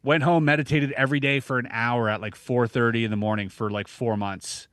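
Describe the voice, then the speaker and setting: A podcast guest in his thirties tells a personal story casually and with lots of animation, restarting often and acting out how he reacted. His mid-range voice moves briskly, and the recording is dry.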